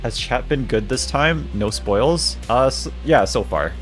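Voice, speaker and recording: A man's voice: mid-range voice, animated, unhurried, soft background music. A young man streaming games, reading chat aloud and joking with his viewers. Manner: joking, reads chat aloud, frequent laughter. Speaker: game streamer. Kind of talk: casual chat while streaming.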